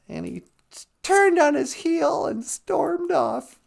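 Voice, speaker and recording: A woman storyteller with a high, gravelly voice, telling a folk tale at an unhurried pace. She talks chatty and humorous, like she's chatting with friends. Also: lively intonation. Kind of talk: casual storytelling.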